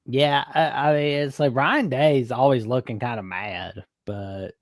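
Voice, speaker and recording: A young man of middle pitch chats about college football on a call-in show, hedging his takes and thinking aloud. His voice is close and dry. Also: measured pace, dry recording. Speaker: co-host of a sports call-in show. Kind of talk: casual sports chat.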